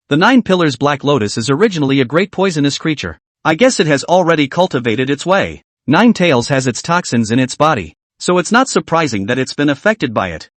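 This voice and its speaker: A man narrating a comic story recap in a scripted, expressive reading. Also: fairly high pitch, a little fast, few pauses, no echo.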